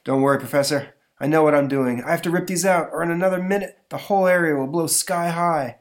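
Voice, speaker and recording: A man's voice: a little high, fast talker, voice pushed up, lightly acted. A man reading the lines of an earnest young male scientist hero from a comic book aloud, in a slightly raised, dramatic voice. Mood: urgent.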